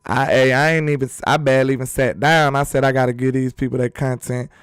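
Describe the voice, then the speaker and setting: A man's voice: medium pitch, fairly even intonation, fast, clear, resonant tone, no room sound, clean studio sound. A man hosting a sports channel in a casual live-stream chat, talking loosely and reading viewers' comments aloud.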